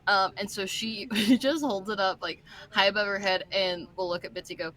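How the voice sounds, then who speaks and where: A woman playing a tabletop role-playing game over an online call, chatting playfully and quickly. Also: mid-range voice, fairly even intonation, a bit bright. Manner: playful, quick, laughing asides. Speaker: player. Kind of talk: tabletop role-play chat.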